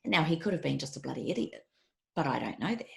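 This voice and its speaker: A woman's voice: low-pitched, expressive, fast, vocal fry, fairly bright tone. A woman in her fifties, a podcast guest, telling stories in an earnest, emphatic way. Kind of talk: conversational interview.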